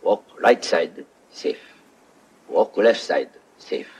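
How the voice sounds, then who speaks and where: A man's voice: low-pitched, lively intonation, a little mellow, breathy edge, full character voice, rough recording. A man voicing an old, wise male karate master who speaks in clipped, broken English for a comic dubbed soundbite. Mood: instructive. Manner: clipped, halting fragments.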